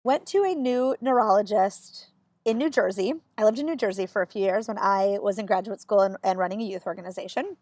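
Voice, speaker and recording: A woman's voice: mid-range voice, brisk, a little mellow, dry recording. A woman in her thirties telling stories to camera in a candid, exasperated way, acting out the lines she quotes. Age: 30s. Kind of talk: casual storytelling to camera.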